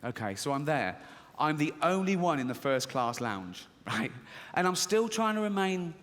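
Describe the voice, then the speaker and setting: Very animated and speaking at a normal speed, a middle-aged English comedian uses a fairly high, fairly bright voice to tell a stand-up story. Along the way he acts out the voices in his head and laughs at his own jokes, in a reverberant recording from a large stand-up venue.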